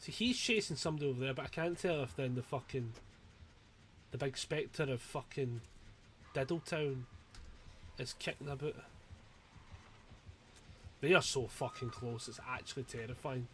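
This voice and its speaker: A man giving live commentary on his own gameplay, swearing freely and breaking into panicked yells. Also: mid-range voice, normal speed, pauses often, slight background noise. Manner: sweary, excitable, given to panicked yelling. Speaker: streamer.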